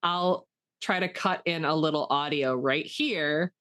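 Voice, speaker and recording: Lower-voiced woman chatting animatedly. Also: a little slow. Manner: animated, joking, many restarts and quoted asides. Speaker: podcast co-host. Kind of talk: casual chat.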